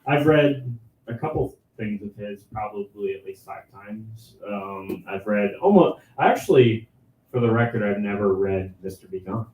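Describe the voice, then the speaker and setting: A man's voice: on the low side, lively intonation, unhurried, phone-quality sound. A man chatting casually on a podcast, eager and gushing, repeating "for the record". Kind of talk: casual chat. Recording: echoey room, distant mic, faint hiss.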